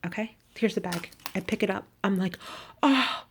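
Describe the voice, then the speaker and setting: A woman vlogging about luxury shopping, telling a story in an animated, indignant way. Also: mid-range voice, normal speed, a little hiss or hum. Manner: animated, indignant, quotes people in put-on voices. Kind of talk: casual storytelling rant.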